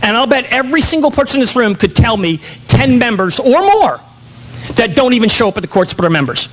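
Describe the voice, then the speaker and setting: High-pitched man giving a keynote. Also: expressive, fast talker, a bit bright, poor audio. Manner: emphatic, rhetorical questions. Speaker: keynote speaker. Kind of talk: motivational keynote speech. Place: conference hall.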